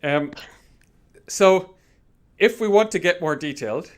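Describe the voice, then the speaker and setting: A man's voice: high voice, unhurried. A man presenting on a live stream, walking through a planning method in an upbeat, chatty, lightly joking way. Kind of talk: live stream workshop explanation.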